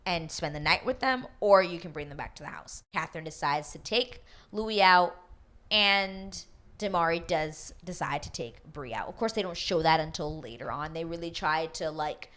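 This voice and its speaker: A woman casually recapping a reality show, animated and swearing freely as she acts out quotes. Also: low-pitched, moderate pace.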